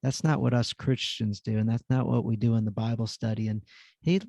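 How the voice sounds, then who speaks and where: A man's voice: mid-range voice, steady tone, a little fast, creaky, warm tone, no echo, studio quality. A man hosting a podcast, telling stories with enthusiasm and affirming his guest. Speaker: podcast host. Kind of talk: casual podcast interview.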